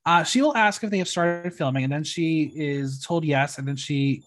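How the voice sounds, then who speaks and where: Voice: medium pitch, moderate pace. A podcast host recapping a reality show in a casual, chatty way, with wry asides.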